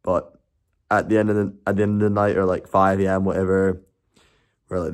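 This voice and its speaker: A man's voice: low-pitched, flat delivery, fairly quick, clear, resonant tone. A man chatting casually and rambling on a live stream, laughing and swearing as he goes.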